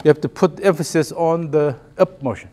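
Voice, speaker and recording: A man's voice: fairly high pitch, brisk, warm tone. Man coaching, chanting rhythmic cues. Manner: instructive, repeats short rhythmic cues. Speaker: golf coach. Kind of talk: hands-on coaching lesson.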